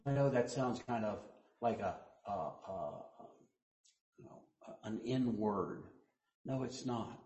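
A man preaching a sermon as pastor, telling stories and quoting people in hushed voices, then rising to loud emphasis. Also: fairly low pitch, lively intonation, slow, highs cut off. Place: church sanctuary. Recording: echoey church room.

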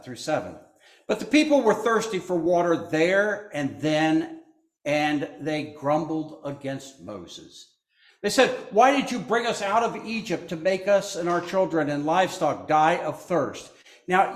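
A man with a fairly high-pitched voice preaches a sermon in a roomy-sounding space. He reads scripture slowly and deliberately, pausing to make asides to the congregation.

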